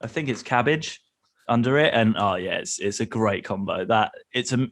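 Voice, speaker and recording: This British man, a travel group leader appearing as a guest on a casual podcast, tells stories in a chatty way, acting out the dialogue and laughing a lot. His voice is lowish and animated, at a moderate pace.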